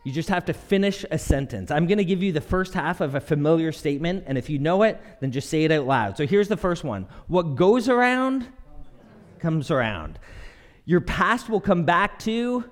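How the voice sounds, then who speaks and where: A young man preaching a sermon, animated and expressive, acting out quotes with shifting pitch. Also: normal speed. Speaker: pastor. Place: church auditorium. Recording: long reverb of a large hall.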